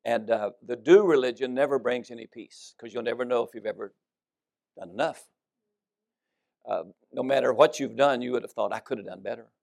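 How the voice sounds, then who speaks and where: Gravelly-voiced guy preaching, goes loud then drops real soft, mid pitch. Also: moderate pace. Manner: dynamic, swings between loud emphasis and soft drops. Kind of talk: sermon.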